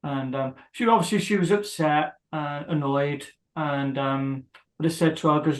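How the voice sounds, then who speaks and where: A man being interviewed, talking hesitantly with many pauses and fillers as he rambles through what happened. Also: medium pitch, roomy sound, rough recording. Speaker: guest, husband of a prisoner. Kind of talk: emotional interview.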